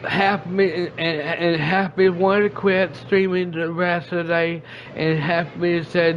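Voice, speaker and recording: A man hosts a casual stream podcast. He rambles and keeps restarting his sentences, in a fairly high voice. The audio is muffled, with a faint hiss behind him. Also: little pitch movement. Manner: rambling, halting, with many restarts.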